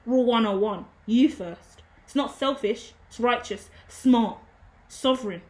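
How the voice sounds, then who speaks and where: A woman's voice: on the high side, unhurried, darkish tone. A woman giving a casual tarot reading, emphatic and preachy, swearing freely. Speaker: tarot reader.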